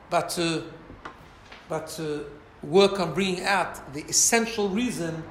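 A man, rising and falling as he asks his listeners rhetorical questions. The echoey room has a faint hum of ambience behind him. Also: high voice. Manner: animated, mixes Hebrew and Yiddish terms, asks listeners rhetorical questions. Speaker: rabbi teaching a class. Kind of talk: informal Torah class. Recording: roomy echo, faint ambience.

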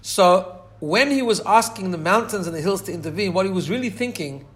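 A man with a slightly higher-than-usual voice delivers a sermon as a long, earnest story. He talks his way through it with frequent restarts and repeated words. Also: animated, brisk, a bit bright. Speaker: Torah teacher.

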